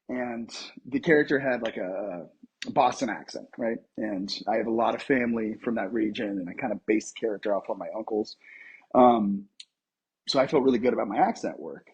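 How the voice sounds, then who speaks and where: A man in his thirties from Colorado, an actor telling a personal story in a casual interview, animated and full of fillers. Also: fairly low pitch, moderate pace, breathy edge, highs cut off. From Colorado, USA. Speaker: actor, podcast guest.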